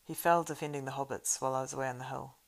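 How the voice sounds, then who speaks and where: A woman reading a story aloud and voicing a grave, weary man who leads the group, speaking in solemn, measured old-fashioned phrases. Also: a bass voice, fairly even intonation, gravelly.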